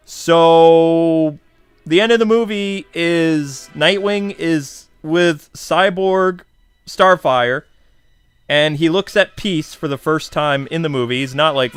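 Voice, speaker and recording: A man talking through a film review in a casual, slangy way. His voice sits a bit high and sounds bright and forceful, and he often turns animated and exasperated. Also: unhurried, clear, resonant tone, dry recording, soft background music.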